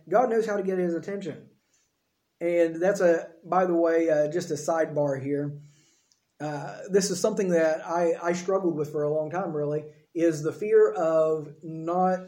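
A man's voice: a little high, mellow, echoey room. A man preaching a conversational sermon, acting out quoted dialogue as he talks. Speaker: pastor.

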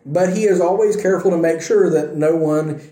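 A man's voice: fairly high pitch, a little fast, mellow. A man teaching a casual Bible study, telling the story animatedly with joking asides. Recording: echoey room.

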